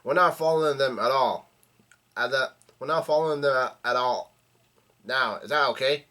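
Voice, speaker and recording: A man's voice: medium pitch, normal speed, bright, forceful tone. A man casually reading and recapping a comic chapter, stumbling and restarting often. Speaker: manga reaction channel host. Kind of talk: casual read-along recap.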